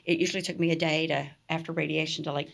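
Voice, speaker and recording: A woman's voice: low-pitched, very fast, creaky. A middle-aged woman, a podcast guest, telling stories in conversation with lots of laughter and acted-out voices of the people she quotes. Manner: animated, laughs often, acts out quoted people. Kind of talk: storytelling in conversation.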